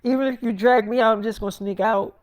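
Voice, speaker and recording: Brief: woman playing a defiant young werewolf bride, quiet but stubborn. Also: on the high side, steady tone, quick pace, natural voice. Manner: stubborn, quieter, talks back.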